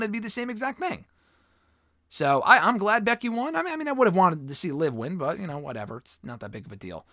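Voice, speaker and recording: A man's voice: fairly high pitch, a bit bright, no echo, studio quality. A man hosting a solo fan-question show, talking in a casual, opinionated, rambling way with restarts and the odd swear. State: losing his voice. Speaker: host answering fan questions. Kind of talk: casual solo mailbag talk.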